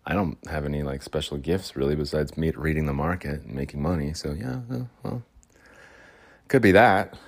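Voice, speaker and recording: Deep-voiced man rambling on a podcast. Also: normal speed, gravelly. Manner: meandering, chuckling asides, self-mocking. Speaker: podcast host. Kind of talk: rambling solo podcast monologue.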